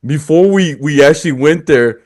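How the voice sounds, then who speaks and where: A man's voice: fairly high pitch, normal speed, darkish tone. A young man hosting a podcast, telling a story casually, acting out quotes and often laughing. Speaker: podcast host.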